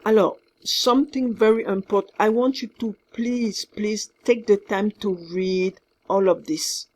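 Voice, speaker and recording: A woman with a French accent giving recorded class instructions as a French teacher, in a slow, careful way that repeats itself and drops in French words. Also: mid-range voice, a little mellow.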